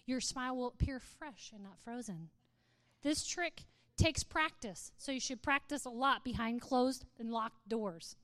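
A woman's voice: a little high, measured pace, a bit bright, dry recording. A woman speaking to a live audience in a playful, humorous way, often laughing and reading aloud with mock drama.

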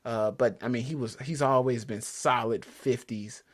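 A podcast co-host chats casually about drag racing in a medium-pitched voice at a normal speed. He sounds excitable and eager, often stumbling and restarting his sentences.

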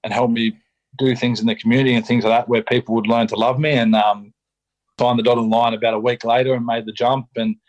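A man's voice: mid-range voice, little pitch movement, a little fast, low-quality recording. A young Australian man, a rugby league player, talking candidly as a podcast guest, casual and blunt, with lots of ums, restarts and swearing. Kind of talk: candid interview chat.

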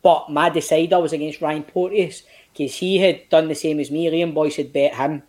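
A man in his late thirties with a Glaswegian Scottish accent, telling a story as a guest in casual chat, animated and sweary, acting out quotes in big swings of pitch. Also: moderate pace. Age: late 30s. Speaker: podcast guest, actor.

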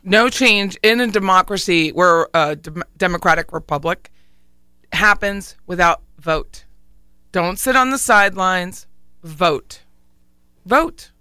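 A chatty woman talk-radio host with a Philadelphia accent, her voice very bright, smooth and clear. She leans hard on single words for punch. The studio sound is dry, with soft music underneath. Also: lowish voice, unhurried, no echo. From Philadelphia area. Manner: chatty, emphatic, repeats one word for punch. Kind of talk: casual radio talk show chat. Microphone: studio microphone, also streamed live online.

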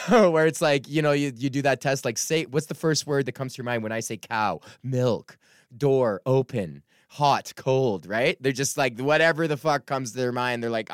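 A stand-up comic in his thirties hosts his own podcast, talking in a loose, profane, rambling rant. His voice is smooth and clear, and the recording is close and dry. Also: medium pitch, moderate pace, no echo. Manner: profane, rambling, animated impressions. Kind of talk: casual ranting monologue.

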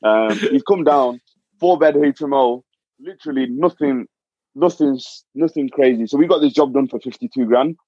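A man's voice: medium pitch, moderate pace, no room sound, lo-fi sound. A man guest on a property investing podcast, telling stories in casual chat, often repeating words and swearing casually.

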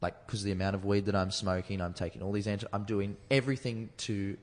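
A man's voice: fairly low pitch, flat delivery, fast talker, in a large hall. An Australian man, a comedian, telling a personal story in a candid, rambling way and swearing freely. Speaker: comedian guest. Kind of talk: candid storytelling in casual chat.

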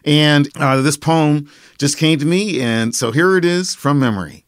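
A man with a Nova Scotian accent, a poet speaking in a radio studio interview who savors words and recites his verse slowly and dramatically. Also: a little high, no echo. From Nova Scotia, Canada. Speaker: poet and guest. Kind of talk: interview answers and recited poetry. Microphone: studio microphone.

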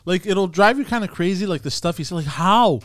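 A man's voice: sits high, fast, dry recording, clean studio sound. A man co-hosting a podcast in casual chat, hesitant, full of fillers and losing his train of thought. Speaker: podcast co-host.

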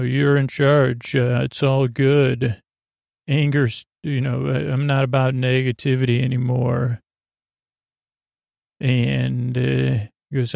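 A man's voice: medium pitch, gravelly, a little mellow, dry recording, studio quality. A man hosting a podcast, giving a lulling bedtime recap of a TV episode in a rambling, loose way with lots of fillers. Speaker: podcast host.

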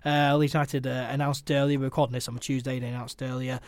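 A man hosting a casual football chat, laughing often and repeating himself excitedly. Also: medium pitch, quick pace, no echo. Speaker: podcast host.

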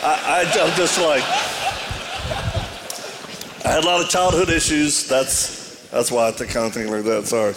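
A man's voice: a little high, steady tone, a little slow, pauses often, big-room sound, noisy background. A man with a Cajun accent preaching to a live audience, telling a story with humor and self-deprecating asides.

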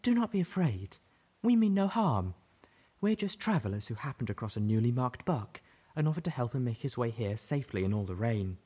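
Male reader's high, gentle, soothing pony mare for an audiobook. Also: big pitch swings, a little slow, breathy edge. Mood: reassuring. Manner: soft, reassuring. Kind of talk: audiobook character voice.

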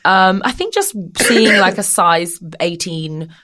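Laughing British woman, animated guest. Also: mid-range voice, slow. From Britain. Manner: animated, laughs often, jumps into playful voices. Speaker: model and guest. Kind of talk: casual interview chat.

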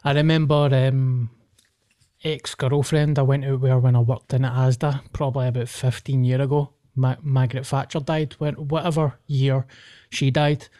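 A man's voice: medium pitch, little pitch movement, moderate pace, mellow. A man with a Scottish accent, co-hosting a podcast in casual chat, blunt and swearing freely. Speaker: podcast co-host.

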